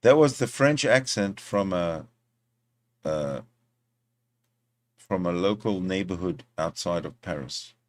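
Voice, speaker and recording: A man hosting a livestream, talking in a casual, rambling way, often pausing, restarting and talking to himself into a desktop microphone. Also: low-pitched, lively intonation. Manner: rambling, talks to himself, many fillers and restarts. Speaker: livestream host. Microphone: desktop streaming mic.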